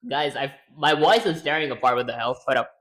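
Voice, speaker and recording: Streamer guy, thinks out loud, casual chat, mid-pitched voice. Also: brisk. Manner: rambling, talks to himself while working. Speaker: streamer and game developer.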